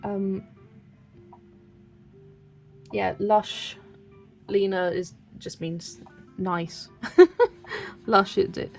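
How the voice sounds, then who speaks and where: A woman's voice: mid-range voice, fairly even intonation, drawn-out words, vocal fry, pauses often, faint music behind. A young British woman with a British accent, chatting casually and giggling while she colours on a livestream and reads out viewer comments. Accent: British English. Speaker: colouring channel host.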